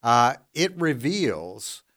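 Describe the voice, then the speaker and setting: A man hosting a political talk radio show, delivering the news in a measured way and laughing often. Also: mid-range voice, big pitch swings, a bit bright.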